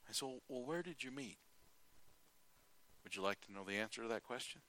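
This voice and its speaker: A middle-aged preacher delivers a sermon in a medium-pitched, expressive voice, moving fairly quickly with a bright, forceful tone. He tells folksy stories, acts out quotes, and clears his throat often.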